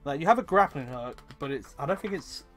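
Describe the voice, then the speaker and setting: Young man, game master, hesitant narration, pauses and fillers, soft background music. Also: a little high, animated. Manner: hesitant, full of ums while looking up rules. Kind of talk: narrating a tabletop game over voice chat.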